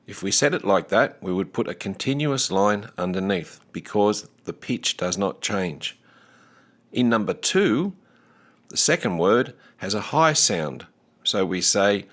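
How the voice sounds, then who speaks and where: Male teacher, low-ish voice, unhurried deliberate delivery for a recorded lesson. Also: expressive, fairly bright tone. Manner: slow, deliberate, carefully enunciated.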